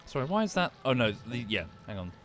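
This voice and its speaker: A British man streams a game with music playing behind him, his medium-pitched, fairly bright voice moving fast and swinging widely in pitch. He chats casually as he plays, rambling, swearing a lot and constantly restarting his sentences.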